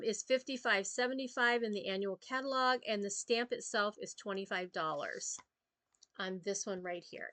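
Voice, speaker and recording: A woman chatting through a live papercraft demonstration, filling pauses with ums as she works. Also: medium pitch, pushed and bright, dry recording. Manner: chatty, many ums, talks while working. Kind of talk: casual live craft demo.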